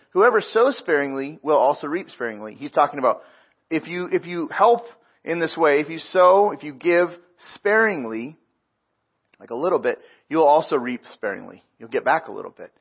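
A man's voice: a little high, lo-fi sound. A man preaching a sermon as a pastor, earnest and conversational, often repeating his words as he explains.

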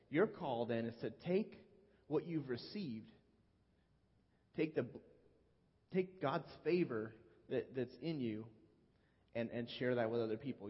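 A man preaching a sermon in a relaxed, conversational way, often restarting his sentences. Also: mid-range voice, breathy edge. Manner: conversational, with frequent restarts and fillers. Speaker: pastor. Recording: dull lo-fi recording in a reverberant hall.

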